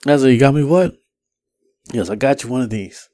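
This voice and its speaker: A man's voice: medium pitch, a little fast, warm tone, no room sound. A man hosting a podcast who tells a long story in casual, profane chat and acts out the lines of the people in it. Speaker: podcast host.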